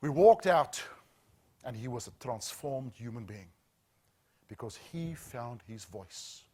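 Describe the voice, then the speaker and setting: A man's voice: medium pitch, lively intonation, a little hiss or hum. Earnest middle-aged man. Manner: earnest, dramatic pauses, dropping to a hush at key lines. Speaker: safety trainer. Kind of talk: storytelling training talk.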